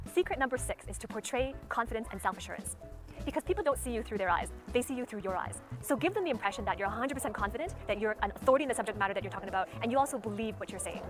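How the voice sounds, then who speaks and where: Casual: woman teaching speaking tips super fast, music playing under her. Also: on the high side, lively intonation. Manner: methodical, demonstrates stress and tone aloud. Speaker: speaking coach. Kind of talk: instructional talk. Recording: clear background music under voice.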